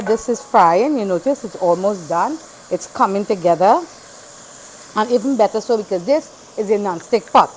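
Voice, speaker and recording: A woman from Trinidad with a Trinidadian accent, hosting a casual cooking demonstration in a home kitchen. She chats as she works and repeats phrases, with a slightly irritated throat that makes her cough now and then. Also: medium pitch. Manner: chatty, repeats phrases, talks while working. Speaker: cooking channel host.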